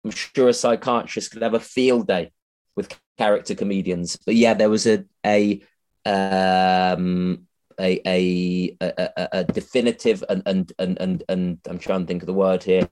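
A man's voice: deep voice, darkish tone. A man, a comedian being interviewed on a podcast, chatty and self-mocking, swearing freely and often restarting his sentences. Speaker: comedian guest.

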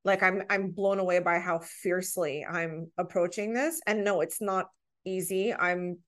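A woman's voice: on the low side, fairly even intonation, unhurried, fairly bright tone. Earnest woman telling heartfelt stories. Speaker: podcast guest. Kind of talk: casual podcast conversation.

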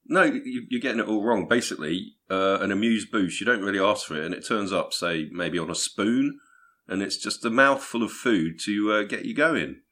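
Deep-voiced dry-humored man. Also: moderate pace, sharp tone. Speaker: podcast co-host. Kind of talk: casual comedic chat.

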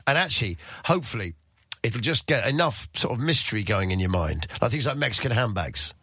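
A man's voice: medium pitch, lively intonation, brisk, sharp tone, slightly rough, no echo, studio quality. A middle-aged man, a radio and podcast host, chatting in an interview and telling jokey anecdotes, acting out other people's voices. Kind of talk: casual interview chat.

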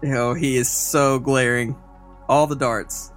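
A man's voice: mid-range voice, steady tone, a little slow, faint music behind. Playful man playing a tabletop game. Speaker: player. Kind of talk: tabletop role-play.

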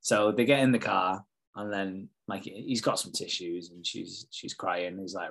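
A man's voice: deep voice, fairly even intonation, unhurried, gravelly, a bit bright, husky. A man in casual podcast chat, swearing freely while he retells scenes and slips into quoted lines. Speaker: podcast co-host. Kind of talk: casual chat recapping a show.

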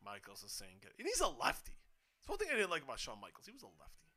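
Bright, excitable man calling wrestling. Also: on the high side, racing. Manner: swings from hushed muttering to sudden shouting; profane, laughs often. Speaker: co-host of a wrestling watch-along. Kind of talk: excited live match commentary.

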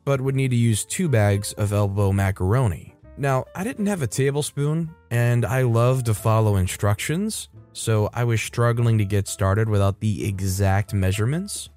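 A man's voice: fairly low pitch, normal speed, few pauses, darkish tone, soft background music. Man narrating internet stories. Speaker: story narrator. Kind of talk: reading stories aloud.

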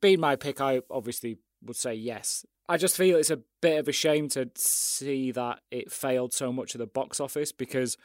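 A man co-hosting a casual film review chat, animated and acting out scenes he liked. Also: mid-range voice, normal speed, few pauses, no room sound, studio quality. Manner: animated, acts out scenes with quoted lines. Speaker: podcast co-host.

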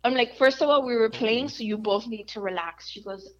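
Animated high-voiced woman telling stories. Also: brisk. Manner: animated storyteller, mixes Spanish phrases. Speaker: radio host guest. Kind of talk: casual podcast chat. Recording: dull lo-fi audio.

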